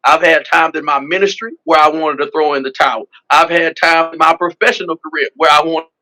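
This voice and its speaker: A man speaks with a high, bright, forceful voice. He is a pastor telling a personal testimony as an interview guest. He builds his points in emphatic, repeated phrases with a preacher's rhythm. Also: steady tone, brisk, rough recording. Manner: emphatic, repetitive preacher cadence, frequent "man". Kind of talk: testimonial storytelling.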